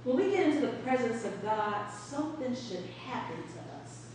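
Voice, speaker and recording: A woman's voice: fairly high pitch, expressive, moderate pace, darkish tone. A woman preaching a conversational sermon to a congregation, telling stories, asking questions and laughing often. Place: church sanctuary. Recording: very echoey room from far off, faint hiss.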